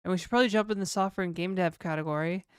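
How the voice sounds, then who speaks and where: Laid-back Canadian woman streamer, low voice. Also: racing, clear, resonant tone, no room sound, studio quality. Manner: laid-back, reads viewer questions aloud and answers them. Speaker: livestreamer. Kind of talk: casual livestream chat.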